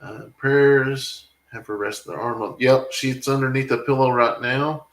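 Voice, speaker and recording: A man's voice: mid-range voice, steady tone, a little slow, a bit bright, roomy sound, poor audio. A man, a family farm vlogger, rambling and emotional as he talks back to viewer comments in a casual live stream.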